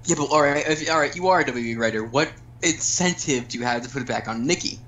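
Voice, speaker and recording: A man's voice: medium pitch, fast talker, a bit bright. A man on a casual podcast who keeps pressing with argumentative questions and swears freely. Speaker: podcast co-host. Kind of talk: casual chat.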